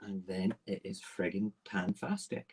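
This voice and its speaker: Chatty low-voiced man streaming from home. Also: flat delivery, unhurried, very noisy. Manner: chatty, rambling and playful. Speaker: live stream host. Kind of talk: casual morning live stream chat. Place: home kitchen. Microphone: phone.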